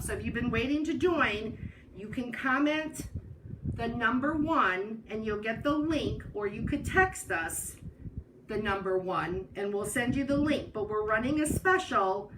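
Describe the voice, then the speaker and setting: Chatty woman teaching a hand craft. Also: fairly high pitch. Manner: chatty, self-interrupting with "hold on". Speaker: craft host. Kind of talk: live craft tutorial. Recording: distant mic with noise.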